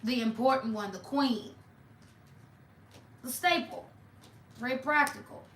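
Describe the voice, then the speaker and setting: A woman's voice: high voice, measured pace, a bit bright, roomy sound, slight background noise. A woman doing a casual tarot reading for viewers, talking in a blunt, mocking, sassy way. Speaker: tarot reader.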